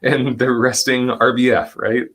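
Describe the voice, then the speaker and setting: Gentle, reflective man leading a workshop. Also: mid-range voice, flat delivery. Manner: gentle, reflective, with slow deliberate stretches and soft laughs. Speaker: presenter and educator. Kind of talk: live online workshop, reading chat comments.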